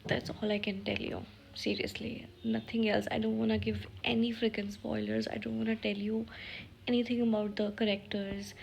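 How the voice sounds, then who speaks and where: A young woman vlogging from her bedroom about a book, crying and speaking in a soft, emotional half-whisper. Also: medium pitch, little pitch movement, normal speed, vocal fry. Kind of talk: tearful casual vlog. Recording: noisy home recording.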